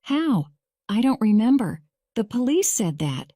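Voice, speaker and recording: A woman voicing a young man being questioned in court, speaking in a slow, measured storybook reading. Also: a little high, big pitch swings, mellow, no room sound, studio quality. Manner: measured, slow graded-reader delivery.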